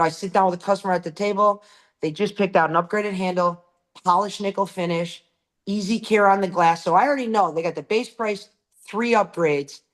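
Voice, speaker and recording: With a high-pitched voice, a middle-aged man who sells shower doors swaps lively sales stories in a relaxed podcast conversation, dramatizing the quotes and swearing from time to time.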